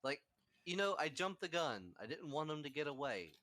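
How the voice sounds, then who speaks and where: A man playing a tabletop role-playing game, talking casually in an animated, joking way. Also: a little high, normal speed. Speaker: player.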